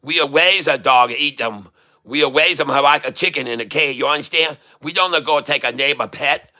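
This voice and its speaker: A man's voice: a little high, moderate pace, pushed and bright. A man putting on an exaggerated fake Chinese accent in broken English, teasing and giggling between lines.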